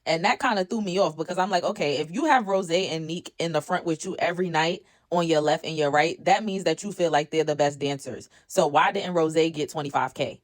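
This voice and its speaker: A woman's voice: low voice, fairly quick, few pauses, no echo, studio quality. A woman giving a casual recap of a reality show, chatty and incredulous, with pointed asides. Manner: chatty, incredulous asides, quotes others with slang.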